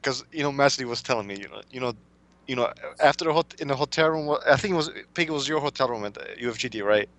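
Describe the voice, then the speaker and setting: A man chatting casually on a podcast, halting and restarting, with lots of fillers. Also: mid-range voice, fairly bright tone. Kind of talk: casual chat.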